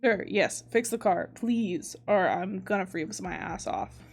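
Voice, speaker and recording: A woman's voice: medium pitch, unhurried, gravelly, soft background music. A woman reading the lines of a wry young man who talks in an amused drawl. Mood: teasing.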